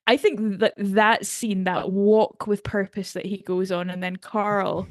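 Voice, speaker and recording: A woman from the United Kingdom co-hosting a podcast in casual chat, animated and acting out quotes as she talks. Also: mid-range voice, a little slow, no echo, clean studio sound. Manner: animated, acts out quotes in voices. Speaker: podcast co-host.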